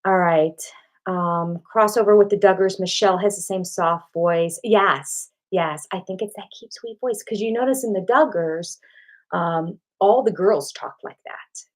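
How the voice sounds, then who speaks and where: A woman's voice: medium pitch, a little slow. An older woman hosting a casual live-stream chat at home, talking with fillers and restarts into a cheap desktop microphone. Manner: chatty, thinks aloud with fillers and restarts. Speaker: channel host answering live chat. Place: home room.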